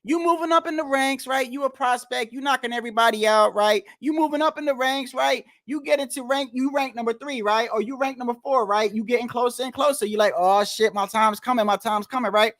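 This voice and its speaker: A man's voice: very high-pitched, brisk, few pauses, fairly bright tone, dry recording, studio quality. A man ranting casually about boxing rankings, profane and repetitive, tired after a long day and talking straight to his viewers. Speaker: boxing commentator.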